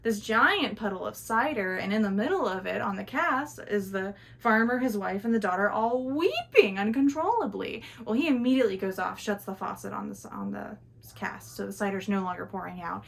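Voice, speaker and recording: A woman's voice: mid-range voice, animated, a little fast, vocal fry. A young woman in her twenties telling a folktale in a casual, chatty way with fillers and restarts, recorded at home. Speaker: student storyteller. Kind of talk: casual oral storytelling of a folktale.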